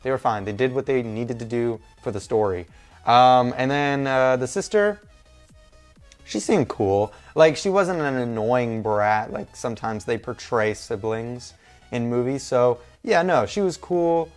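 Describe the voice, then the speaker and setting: A man's voice: medium pitch, lively intonation, a little slow, faint music behind. A young man talking through a movie review in a casual, rambling, informal way.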